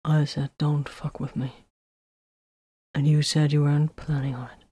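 A woman reading a storybook, voicing a sarcastic, wounded young male soldier who mumbles low. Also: level tone, unhurried, dark tone, husky.

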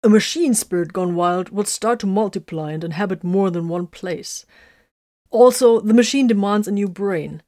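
A woman voicing a calm male warrior leader who explains his reasoning. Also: mid-range voice, no room sound, clean studio sound, close to an everyday voice. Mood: explaining. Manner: explaining, measured.

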